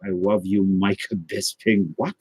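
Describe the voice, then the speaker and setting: A man's voice: deep voice, little pitch movement, a little slow, music in the background. A man hosting a livestream, chatting casually and rambling as he answers viewer comments with self-deprecating jokes. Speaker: livestream host of a trading card and guitar show.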